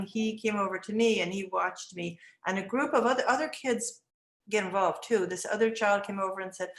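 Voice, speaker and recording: An older woman, an early childhood educator, recounting classroom stories and acting out the dialogue in lively high voices. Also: measured pace. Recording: echoey room.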